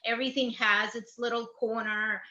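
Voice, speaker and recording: A woman from Ukraine talks in a bright, slightly high voice, animated and rambling as she tells comic stories about herself. Her voice comes through a roomy, somewhat dull recording. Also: moderate pace. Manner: animated, rambling, self-deprecating. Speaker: guest, comedian and author. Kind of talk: casual comedic chat. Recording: echoey dull-sounding room.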